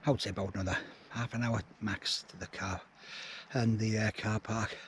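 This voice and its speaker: A middle-aged man, chatting to camera on a mountain path, self-mocking and a little out of breath, often trailing off quietly. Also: on the low side, fairly even intonation, normal speed. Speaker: hiking vlogger. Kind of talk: casual talk to camera. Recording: outdoor wind and ambience noise.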